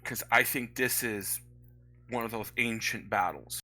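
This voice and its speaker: A man voicing Maxine, a worried middle-aged woman at an inn who speaks in a soft, earnest way. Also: mid-range voice, a little slow, poor audio.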